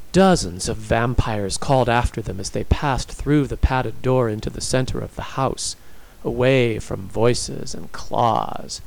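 A man narrating a story in a dramatic, expressive reading style. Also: medium pitch, measured pace, creaky, hardly any pauses, poor audio.

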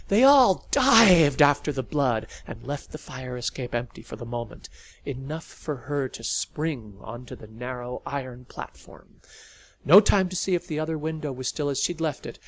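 A man reading a story aloud as an audiobook narrator, in a steady storytelling manner. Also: fairly high pitch.

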